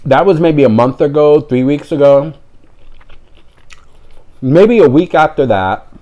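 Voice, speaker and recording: A man's voice: a little high, lively intonation, measured pace, highs cut off. A man telling a story in a casual vlog, rambling and breaking off into tangents he apologizes for. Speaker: vlogger.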